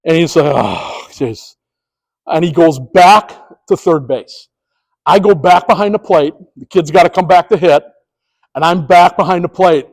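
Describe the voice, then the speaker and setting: A man with a high speaking voice trains sports officials through a lively, acted-out story. He jumps into the scenes as he tells them. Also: poor audio. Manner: animated, acts out scenes. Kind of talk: storytelling presentation.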